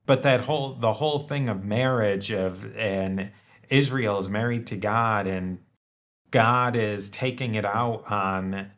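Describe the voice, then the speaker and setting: A man with a low voice hosts a podcast conversation. He speaks casually and haltingly, often pausing on "um" and "uh" and restarting his sentences. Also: fairly bright tone. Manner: halting, many fillers and restarts. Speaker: podcast host.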